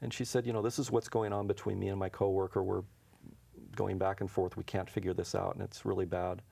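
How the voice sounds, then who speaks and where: In a local TV studio, a man interviewed as an intuition teacher tells anecdotes casually, acting out the dialogue and chuckling often. His voice is low-pitched, level, a little fast, creaky, mellow and husky.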